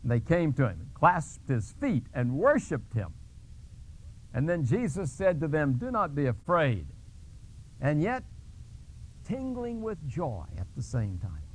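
A man's voice: wildly swooping pitch, measured pace, pauses often, slightly rough. A male pastor preaching a sermon, retelling a scripture scene dramatically and explaining a word, with restarts and fillers. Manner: dramatic storytelling with sudden pitch jumps.

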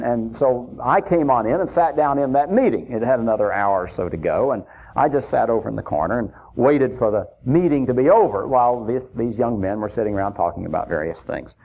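A man's voice: medium pitch, expressive, a little fast, warm tone. A man preaching, telling a personal story in a folksy, chuckling anecdotal way. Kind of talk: sermon storytelling. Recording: dull lo-fi recording.

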